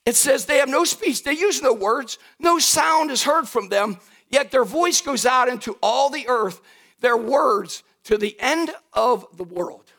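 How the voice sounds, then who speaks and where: A middle-aged pastor preaching a sermon in a folksy, animated way, talking straight to his congregation and rising to shouts at his high points. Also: unhurried. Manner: folksy, addresses the congregation directly.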